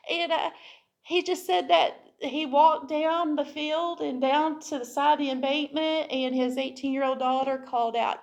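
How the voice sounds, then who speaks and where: A woman's voice: sits high, steady tone, moderate pace. A woman giving a heartfelt personal testimony to her congregation, telling the story and acting out what people said. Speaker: church member sharing a testimony.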